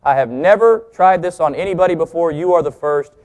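A man preaches a sermon full of jokes with the congregation, slowing down and stressing key words as he teaches. He's lively, and his pitch swings for emphasis.

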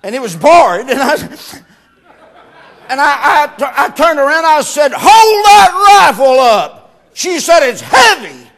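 High-voiced preacher, folksy and shouting. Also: male voice, lively intonation, a little slow. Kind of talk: sermon.

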